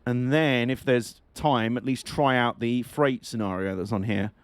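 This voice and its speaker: A man giving excitable, jokey, mock-outraged live commentary while streaming a game. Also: medium pitch, unhurried, clear, resonant tone, no echo.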